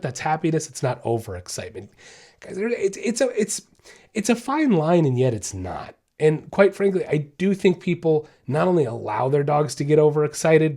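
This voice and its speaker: Male podcast host and dog trainer, slightly high voice, lively and conversational. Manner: animated, chatty, says "guys" and "okay?" often; acts out dog thoughts in quick voices. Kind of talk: casual instructional podcast talk.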